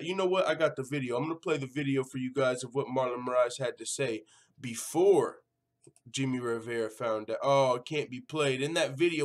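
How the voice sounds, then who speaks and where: This MMA news vlogger's voice is fairly high and a bit bright. His casual commentary is loaded with profanity, and he acts out the quotes as he goes.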